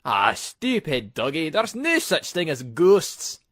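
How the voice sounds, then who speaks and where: A man's voice: on the high side, huge pitch swings, normal speed, fairly bright tone, dry recording, clean studio sound, pitched above the performer's own voice. A man voicing a mocking, scornful male steam engine in a storybook reading. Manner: teasing, scoffing.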